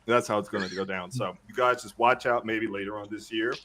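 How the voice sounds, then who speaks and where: A man's voice: lowish voice, fairly even intonation, brisk, fairly bright tone, slight background noise. A man co-hosting a casual comedy podcast, rambling through a joking story and laughing often. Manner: rambling, laughs often, puts on silly voices. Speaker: podcast co-host.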